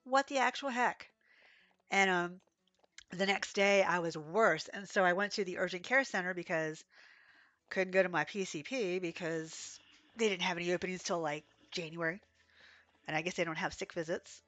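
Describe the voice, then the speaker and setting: A hoarse woman with a cough chats her way through a gameplay stream, rambling from one story to the next. Her voice is bright and a little sharp even through the sickness, and the sound is close and dry, with no room around it. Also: on the low side, moderate pace, no echo. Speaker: game streamer. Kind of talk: casual livestream chat while playing.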